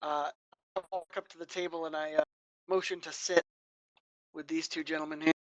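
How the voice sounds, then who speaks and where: Tabletop player, mid-pitched, joking banter, dry close mic. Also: little pitch movement, brisk, no echo, low-quality recording. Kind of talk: casual tabletop play.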